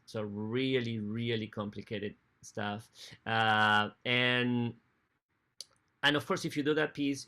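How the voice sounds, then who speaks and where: A man's voice: on the low side, gravelly, pushed and bright. Man, hesitant lecture. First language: Spanish. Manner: hesitant, restarts phrases, non-native grammar. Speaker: opera conductor giving a library talk. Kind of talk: informal lecture.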